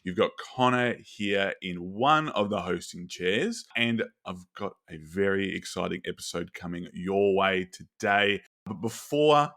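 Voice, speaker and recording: A man's voice: lowish voice, a bit bright. A man hosting a podcast and chatting in a rambling, friendly way. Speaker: podcast host. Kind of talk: casual podcast chat.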